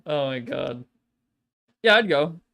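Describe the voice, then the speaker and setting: A man hosting a casual video game stream. His voice sits a touch high, and he rambles through his thoughts. He drops swear words often and breaks into laughter easily. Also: expressive, slow, vocal fry, bright, forceful tone, clear, resonant tone. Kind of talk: casual chat.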